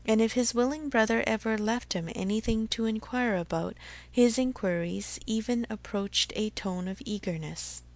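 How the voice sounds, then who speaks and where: A woman narrating a classic novel as an audiobook, measured and even. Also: a little high.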